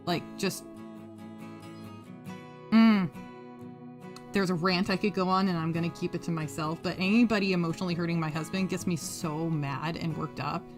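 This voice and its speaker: A woman's voice: lowish voice, fairly even intonation, moderate pace, pauses often. A woman hosting a casual craft live stream, reading chat messages aloud, laughing often and swearing freely. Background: faint guitar music.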